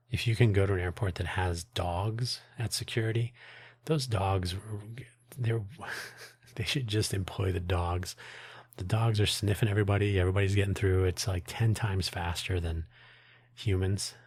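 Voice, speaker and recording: A man's voice: sits low, steady tone, normal speed, a little mellow, husky, no room sound. A man hosting his own podcast, talking in a rambling, wry way with frequent restarts and asides. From United States. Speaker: podcast host. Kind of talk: casual solo monologue.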